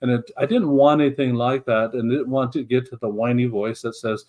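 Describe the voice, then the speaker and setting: Middle-aged man, interview guest, earnest, reflective, frequent restarts, mid pitch. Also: fairly even intonation, a little fast, hardly any pauses, a little mellow, lo-fi sound. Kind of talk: conversational storytelling.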